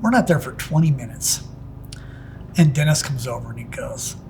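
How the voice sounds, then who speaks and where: A man's voice: medium pitch, moderate pace, gravelly, faint music behind. Middle-aged man spinning rambling shop stories. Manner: rambling anecdotes with restarts and "it's like". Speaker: pinstriping artist telling his story. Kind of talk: casual storytelling interview.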